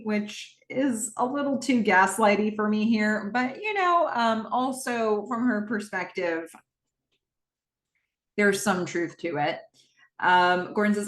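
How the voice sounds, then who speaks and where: A woman's voice: mid-range voice, expressive, a little slow. A woman hosting a podcast, recapping a TV episode in a chatty way with laughing asides. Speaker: podcast host. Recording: roomy echo.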